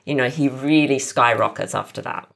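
Woman, very deep gravelly voice, podcast guest, discursive historian. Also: normal speed, fairly bright tone. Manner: thoughtful, explains at length with many asides. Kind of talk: podcast interview.

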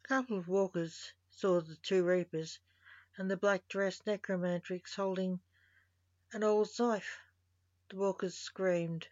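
A podcast storyteller reading a short story aloud in a plain, measured way, on a dull lo-fi recording. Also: mid-range voice, steady tone, no echo. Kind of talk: scripted story narration.

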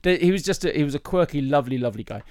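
A man's voice: fairly high pitch, animated, racing, a little mellow, dry recording, studio quality. A man hosting a podcast, chatting casually and telling jokes, rambling and laughing often. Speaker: podcast host. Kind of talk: casual chat, joke telling.

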